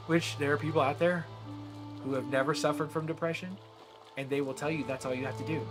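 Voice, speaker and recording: A man's voice: a little high, fast talker, over music. A man streaming a game and chatting earnestly with his viewers, rambling with frequent restarts. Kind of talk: casual chat with live viewers while gaming.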